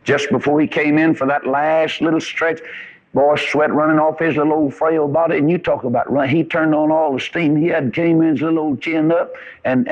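A man's voice: on the high side, dull audio. An older man preaching a sermon in a folksy storytelling manner, his voice rising and stressing words as he builds a point, on an old recording.

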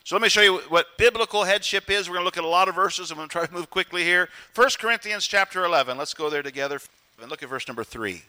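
A man's voice: high-pitched, fast, pushed and bright. A middle-aged man preaching a sermon as pastor, emphatic and conversational, now and then mimicking other people.

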